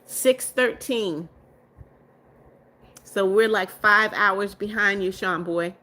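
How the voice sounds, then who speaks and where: A young woman hosting a casual livestream, chatting to her viewers as their comments come in. Her voice sits at a middling pitch for a woman, and she greets newcomers warmly with repeated hellos and welcomes. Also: takes it slowly. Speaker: livestream host. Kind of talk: casual live chat, reading viewer comments aloud.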